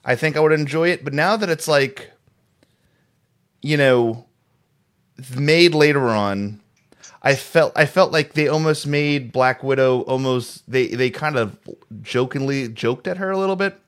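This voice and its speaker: A man's voice: mid-range voice, measured pace, a bit bright, smooth. Rambling man chatting on a call. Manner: rambling, many restarts and fillers. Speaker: podcast co-host. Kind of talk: casual chat.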